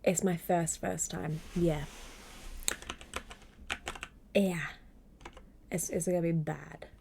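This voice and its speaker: A woman streaming live from home at a desk microphone, reading aloud and chatting in a gentle, wry voice that often drops to a half-whisper. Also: on the low side, fairly even intonation, slow, vocal fry, noisy background. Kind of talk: soft-spoken stream reading and chat.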